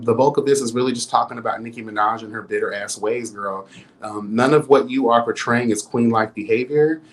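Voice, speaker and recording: A man giving celebrity gossip commentary in a vlog. He talks in a sassy, campy, dramatic way and keeps throwing in exclamations. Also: medium pitch. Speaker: commentary vlogger.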